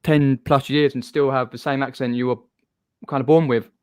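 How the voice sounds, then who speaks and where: A man's voice: medium pitch, fairly even intonation, moderate pace, clear, resonant tone, no room sound. A man with a Southern English accent hosting a live stream, chatting casually with a guest and reading out viewer comments. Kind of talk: casual chat.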